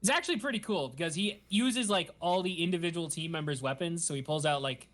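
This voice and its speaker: A man hosting a podcast, recapping a show in animated, giggly casual chat. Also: fairly high pitch, fast. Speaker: podcast host.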